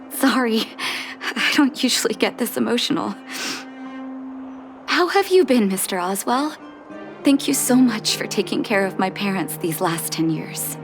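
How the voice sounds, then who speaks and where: Earnest young daughter, slightly high voice, soft, game dialogue. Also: female voice, lively intonation, a little slow, over music. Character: grown daughter and doctor, earnest and emotional. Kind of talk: game voice acting.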